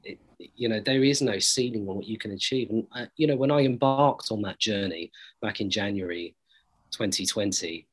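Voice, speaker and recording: Earnest, hesitant man with a lowish voice. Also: moderate pace, low-quality recording. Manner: earnest, hesitant, many fillers and restarts. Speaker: actor interviewed about a series. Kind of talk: reflective interview answers.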